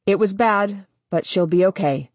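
A woman reading the lines of a guarded young man in a flat, neutral way. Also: mid-range voice, moderate pace, no echo, lightly acted. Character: guarded young man, drained, emotionally closed off.

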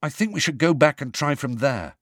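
Man doing a tense, determined teenage boy, forceful, urgent, a bit raised in pitch, lively audiobook read, dry sound. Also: brisk, dry recording. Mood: uneasy.

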